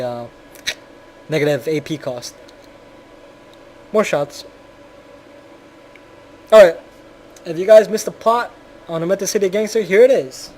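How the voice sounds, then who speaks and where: A man's voice: on the high side, darkish tone, a little hiss or hum. Blunt, profane man ranting about a game. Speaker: video game reviewer. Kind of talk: casual profane game commentary.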